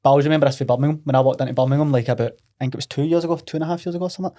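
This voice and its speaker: A Scottish man telling stories in a casual podcast chat, animated and swearing freely. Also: fairly high pitch, racing. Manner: animated, swearing, laughing storyteller.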